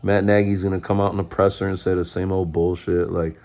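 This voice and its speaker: A man's voice: deep voice, little pitch movement, a little fast, a little mellow. A man giving a profane, fired-up rant as a sports fan, mocking others with put-on quotes. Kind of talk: ranting fan commentary.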